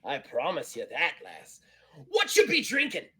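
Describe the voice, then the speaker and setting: Brief: bold, brassy space pirate, put on by a man in a tabletop game, high and swooping. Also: wildly swooping pitch, a little slow, pushed and bright, full character voice. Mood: boisterous. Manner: pirate talk, rolling "arr" and "wee lass". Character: brash nosy male pirate space rogue.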